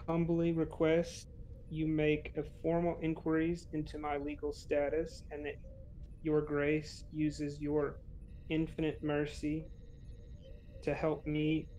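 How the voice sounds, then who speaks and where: A man voices a ceremonious noble starship captain making a stiff, humble plea. His voice is slightly high and very flat in pitch, with a faint hiss of noise behind it. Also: takes it slowly, poor audio. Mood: formal.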